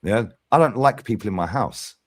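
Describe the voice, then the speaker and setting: Forties bloke, fan-channel host, blunt and unfiltered, lowish voice. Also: male voice, expressive, a little fast, a little mellow, dry recording, studio quality. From London. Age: 40s. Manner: blunt and sweary, keeps tagging "yeah?". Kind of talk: casual football podcast chat.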